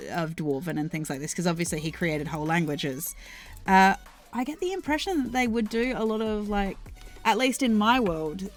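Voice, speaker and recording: An Australian woman chatting casually on a live stream, rambling thoughtfully with many ums and restarts as she answers chat. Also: lowish voice. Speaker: streamer and worldbuilder. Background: faint background music.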